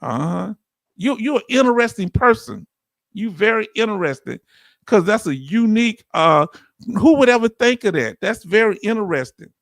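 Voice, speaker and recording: A man hosting a livestream, talking casually and warmly straight to his viewers, often repeating himself for emphasis. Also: high voice, normal speed, gravelly, no room sound. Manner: animated, talks straight to viewers, repeats "let me tell you something". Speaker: livestream host.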